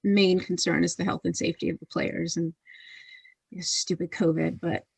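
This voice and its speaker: A woman's voice: fairly low pitch, little pitch movement, normal speed, creaky, breathy edge, no echo. A woman co-hosting a sports podcast in casual chat, who laughs often and trails off mid-sentence. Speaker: podcast co-host.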